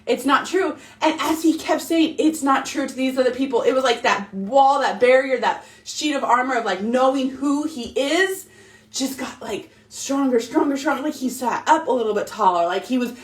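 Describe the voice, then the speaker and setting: A woman's voice: high voice, animated, normal speed. A woman in her thirties, a mom talking casually and animatedly to her followers, emphatic and repetitive. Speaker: mom vlogger. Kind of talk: casual motivational monologue.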